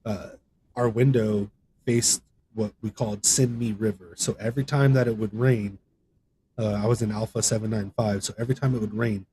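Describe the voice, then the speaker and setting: With a lowish, dark, steady voice at a moderate pace, a man who makes gaming content tells a personal story on a podcast, a little hiss or hum audible. The storytelling is rambling and full of fillers and restarts, and his pitch climbs sharply when he mimics other people.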